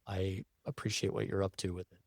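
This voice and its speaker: A man with a lowish voice, speaking as a podcast guest in a casual, reflective way. He pokes fun at himself and pauses now and then to find his words. The sound is dry and close to the mic. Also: flat delivery, vocal fry, a little mellow, no room sound. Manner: reflective, self-deprecating, some hesitations. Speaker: podcast guest, brand owner. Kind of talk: casual chat.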